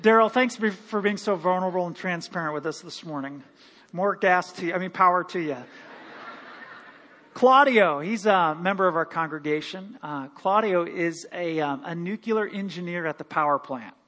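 A man preaching a sermon as pastor, animated, laughing and acting out quoted voices. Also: high voice, moderate pace. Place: church sanctuary. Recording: long hall reverb.

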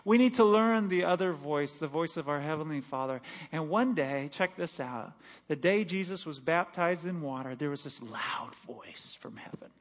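A middle-aged male pastor preaching a sermon, swinging between loud emphatic lines and hushed ones. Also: a little high, normal speed. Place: church sanctuary.

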